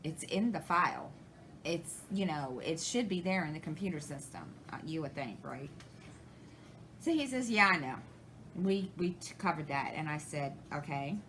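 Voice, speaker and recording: A woman's voice: low voice, animated, moderate pace, slight background noise, poor audio. Rambling woman telling a story. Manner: rambling, retells conversations, many restarts. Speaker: crafting channel host. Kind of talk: casual storytelling to camera.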